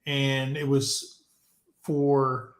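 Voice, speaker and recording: A man co-hosting a casual livestream chat with guests, talkative and quick to laugh. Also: mid-range voice, little pitch movement, echoey room. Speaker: livestream co-host.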